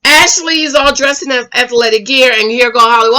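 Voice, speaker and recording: Lively woman chatting through a tv recap, bright voice, a bit high, laughs a lot. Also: normal speed. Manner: animated, chatty, laughs often, addresses viewers as "ladies". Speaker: TV show recap vlogger. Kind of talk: casual TV recap chat.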